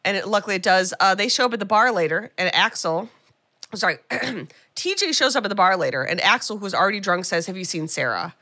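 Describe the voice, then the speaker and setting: A woman's voice: mid-range voice, lively intonation, brisk, pushed and bright, dry recording, studio quality. A woman co-hosting a podcast, casually recapping a movie and acting out characters' lines with sarcastic asides. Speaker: podcast co-host. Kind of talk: casual film recap chat.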